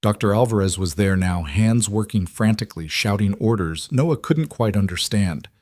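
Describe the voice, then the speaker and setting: A man narrating a dramatic story in a steady, scripted storytelling manner. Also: on the low side, normal speed, no echo, clean studio sound.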